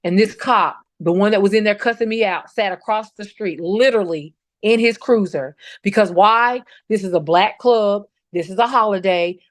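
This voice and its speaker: A middle-aged bereaved mother from North Carolina tells her story in a podcast interview, speaking emphatically in a mid-range voice at normal speed with hardly any pauses. She retells confrontations and quotes her own words, and there's no room sound.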